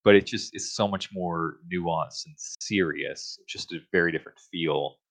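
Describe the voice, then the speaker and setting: Deep-voiced podcast co-host man, dry sound. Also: moderate pace, vocal fry, dry recording. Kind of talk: casual chat.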